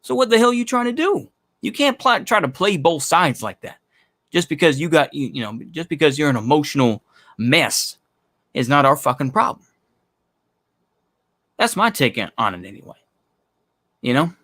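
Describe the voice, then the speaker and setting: A man's voice: a little high, sing-song, normal speed, pauses often, a bit bright, no room sound, studio quality. A man delivering a blunt, profane opinion monologue in a casual, rambling way, with lots of filler phrases. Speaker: commentary channel host.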